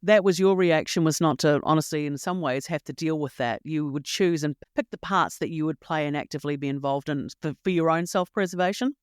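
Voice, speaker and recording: A man hosting an interview, asking measured, probing questions. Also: a little high, clean tone, no room sound, studio quality. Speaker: interviewer host.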